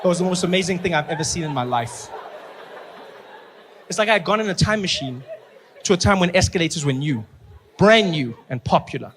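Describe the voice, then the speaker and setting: Male stand-up, high voice, animated storyteller, live venue with faint room noise. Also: brisk, pauses often, a crowd in the background. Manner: animated, acts out characters. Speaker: stand-up comedian. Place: comedy venue with a live audience.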